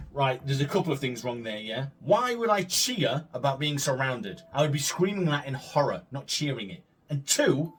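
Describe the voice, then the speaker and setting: Gaming host, man, sarcastic and sweary, very animated. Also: on the high side, slightly rough. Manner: sweary, incredulous ranting with sarcastic asides. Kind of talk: casual let's-play commentary and reading aloud.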